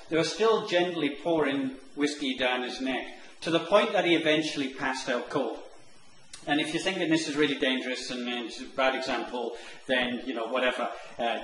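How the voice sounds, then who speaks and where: A man telling a long comic anecdote, animated and acting out the characters' lines. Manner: animated, acts out the characters' lines in higher voices. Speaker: online marketing presenter. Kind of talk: storytelling anecdote. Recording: echoey room with faint noise.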